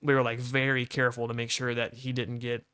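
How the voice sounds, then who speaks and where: A young male podcast co-host tells a casual story, leaning hard on "like" and acting out the voices of the people in it. His voice is mid-range and brisk with a clean tone, and there's no room sound.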